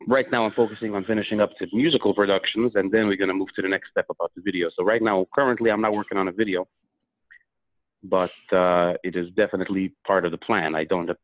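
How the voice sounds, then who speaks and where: A man with a lowish voice speaks over a tinny, dry phone line. He is from Minnesota and talks about his music as a guest, hesitant, full of "uh" pauses. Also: no room sound. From Minnesota, USA. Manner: halting, with many "uh" pauses. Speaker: singer, interview guest. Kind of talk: casual phone interview.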